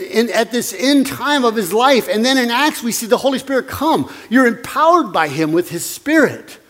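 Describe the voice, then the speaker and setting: A man's voice: sits high, long reverb tail. A man preaching a sermon as pastor, earnest and conversational, with emphatic repetition.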